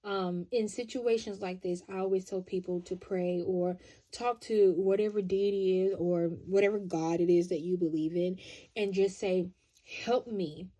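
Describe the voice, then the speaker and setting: A woman giving a pick-a-card tarot love reading, chatty and expressive, often checking in with "right?". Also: lowish voice, moderate pace.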